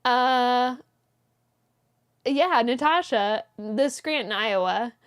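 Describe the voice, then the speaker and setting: High-voiced woman hosting a live stream. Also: lively intonation, drawn-out words, smooth. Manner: greets viewers by name, reads messages aloud, brief laughs. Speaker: host of a live yarn-shop stream. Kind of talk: live-stream chat, reading viewer comments. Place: indoors, small closet.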